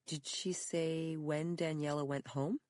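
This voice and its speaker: A narrator voicing a curious young woman who presses with quick questions, set higher than the narration. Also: level tone, a little mellow, dry recording, studio quality, lightly acted. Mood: probing. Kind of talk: audiobook character reading.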